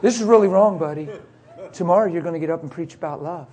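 A man voicing his roommate, who keeps whispering at him at night in a low, coaxing tone. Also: quick pace, a little mellow, natural voice. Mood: pleading whisper. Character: pestering male roommate at night.

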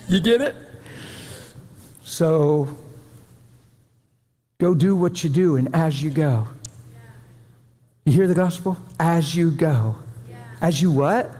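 A man's voice: a little high, expressive, slow pace, pauses often, dark tone. A man preaching a sermon to a room, folksy and conversational, pleading with his listeners. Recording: long hall reverb.

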